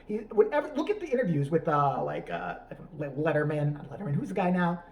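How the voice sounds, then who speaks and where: Man ranting, crude, sarcastic, rambling, lively swings in pitch, comedy commentary. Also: fairly quick, poor audio. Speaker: YouTube commentator. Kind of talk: profane comedic rant.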